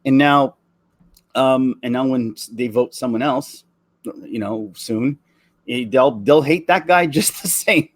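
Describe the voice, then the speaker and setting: A man's voice: medium pitch, no room sound. Earnest man ranting, dry sound. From Canada. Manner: earnest, emotional, halting with many restarts. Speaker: vlogger. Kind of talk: impassioned opinion rant.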